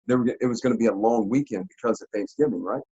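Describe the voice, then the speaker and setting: A man telling a story in an interview, in a casual, animated, slangy way with frequent laughs. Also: medium pitch, fast, breathy edge, lo-fi sound. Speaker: interview guest.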